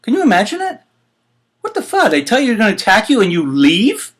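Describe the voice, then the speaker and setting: A man's voice: high voice, wildly swooping pitch, a little fast, a bit bright. A man hosting his own opinion show, ranting in an indignant, exasperated way with swearing and rhetorical questions. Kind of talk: heated opinion commentary.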